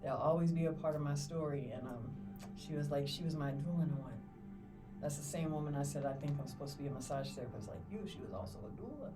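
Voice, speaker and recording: A middle-aged woman guest on a podcast, a doula, telling her stories in an animated way and acting out the people she quotes. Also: sits low, fast talker. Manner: animated storyteller, acts out quotes, laughs often. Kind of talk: casual storytelling interview. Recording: distant mic with clear music behind.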